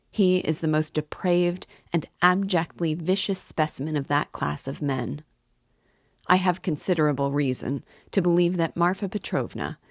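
A woman reading a pompous middle-aged gentleman. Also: low-pitched, no echo, clean studio sound. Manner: formal, measured, self-important.

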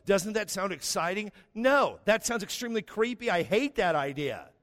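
A male pastor preaching with animated, joking storytelling and a fairly high-set voice. He mixes comic asides with emphatic, building runs of phrases as he moves into the scripture. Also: normal speed. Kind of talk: sermon with humorous storytelling.

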